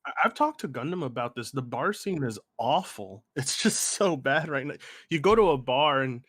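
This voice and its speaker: A man co-hosting a podcast, telling stories in an excitable way and stumbling over his words. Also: medium pitch, normal speed, husky, no room sound, studio quality. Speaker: podcast co-host. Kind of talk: casual banter.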